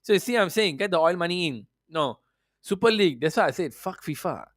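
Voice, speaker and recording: A man's voice: high-pitched, expressive, brisk, a bit bright, slight background noise. Ranting, profane man. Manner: profane, mocking rant. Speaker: football podcast host. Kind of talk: ranting football commentary.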